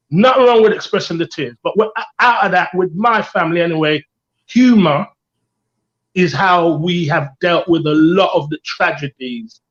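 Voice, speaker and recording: A man's voice: fairly high pitch, a bit bright, lo-fi sound. A middle-aged man co-hosting a candid panel chat, earnest and reflective, repeating his key phrases. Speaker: co-host.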